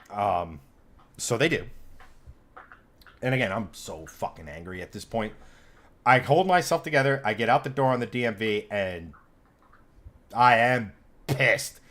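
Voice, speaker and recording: A man's voice: fairly low pitch, measured pace, long pauses. A man hosting a casual podcast, telling a long story with lots of swearing and acting out what other people said. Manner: animated, swearing, acts out quoted people. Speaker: podcast host.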